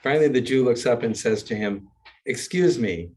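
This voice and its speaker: An older man teaching as a rabbi, chanting a warm-up and then telling jokes in a wry storyteller's way. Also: medium pitch, fast, slight background noise. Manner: wry storyteller, chuckles at his own jokes. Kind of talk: class talk with joke-telling and chanting.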